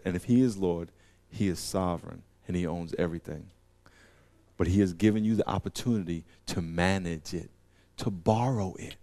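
A man preaching a sermon in a conversational way, with slang and acted-out voices, swinging between quiet asides and loud, emphatic peaks. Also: lowish voice, lively intonation, normal speed.

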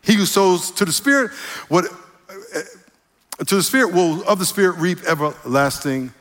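In a high, slightly bright voice at a moderate pace, a pastor delivers a sermon full of jokes, getting the congregation to call back answers. Long hall reverb surrounds the recording.

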